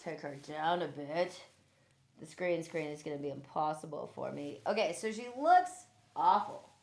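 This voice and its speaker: A woman's voice: low-pitched, lively intonation, moderate pace, creaky, darkish tone. A woman casually showing her plants on a live stream, chatty and loose, swearing freely and restarting her sentences while she moves nearer to and farther from the mic.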